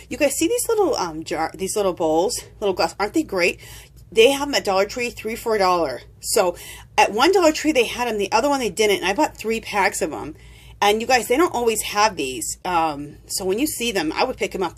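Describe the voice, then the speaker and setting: A woman chatting casually to her viewers while demonstrating a craft, with frequent ums. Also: on the low side. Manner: chatty, addresses viewers as you guys, many ums. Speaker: craft tutorial host.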